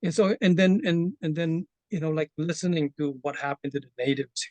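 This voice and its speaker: A man from the Philippines with a Filipino accent, sharing a personal story in an online session, earnest and halting with many fillers and restarts. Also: fairly high pitch, darkish tone, no room sound. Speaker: community member sharing his story. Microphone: video call.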